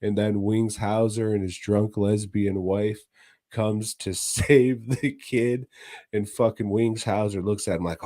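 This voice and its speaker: Slow-talking man recapping a movie. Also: on the low side. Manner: profane, laughing, animated storytelling with mock voices. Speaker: podcast co-host. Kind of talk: casual movie recap chat.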